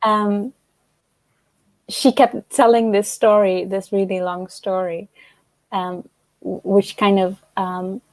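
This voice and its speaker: A woman's voice: mid-range voice, level tone, takes it slowly, pauses often, a little mellow, no room sound. A woman hosting a casual online book club discussion, chatty and giggly, often trailing off with fillers. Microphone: video call.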